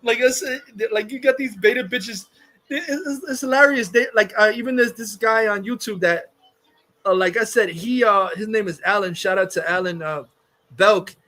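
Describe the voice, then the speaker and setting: A man's voice: sits high, moderate pace, sharp tone. A man hosting a livestream, ranting casually in a heated, profane, insulting way. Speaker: livestream host.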